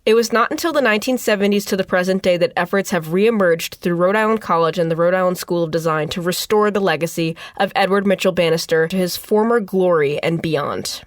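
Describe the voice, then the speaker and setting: A woman's voice: fairly low pitch, brisk, hardly any pauses, no echo, studio quality. A young adult woman co-hosting a casual podcast, reading researched notes with chatty asides. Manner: reads informative passages steadily, with chatty asides. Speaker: podcast co-host presenting research.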